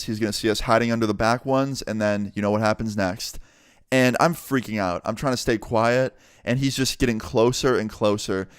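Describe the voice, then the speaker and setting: A young man telling a storytime tale in a casual, animated way, acting out the quoted lines and swearing freely. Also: medium pitch, smooth, dry recording, studio quality.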